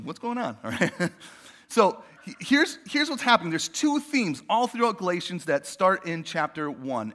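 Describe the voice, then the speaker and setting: Male pastor, conversational sermon, high-pitched, bright and expressive delivery. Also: moderate pace. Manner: animated, conversational, tosses in "right?" and "like". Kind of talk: casual sermon.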